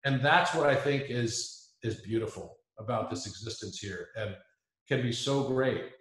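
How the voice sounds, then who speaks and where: A man talks earnestly as an interview guest in a reflective conversation. He often restarts and repeats words as he thinks aloud. His voice sits at a mid pitch and carries a roomy echo. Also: normal speed, a bit bright.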